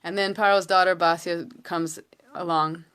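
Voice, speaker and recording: A woman with a fairly low voice gives an informal Torah talk from home. She tells the story earnestly, pausing and restarting her phrases as she goes. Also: fairly even intonation, a bit bright, clean tone. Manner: earnest, halting, many restarts. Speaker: Torah teacher.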